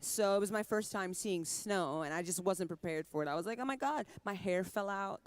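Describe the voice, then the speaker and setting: A Trinidadian musician in her twenties chats casually in an interview, her American accent carrying a light Caribbean touch. She laughs often and tosses in quick asides. Her voice is on the low side with a clean tone.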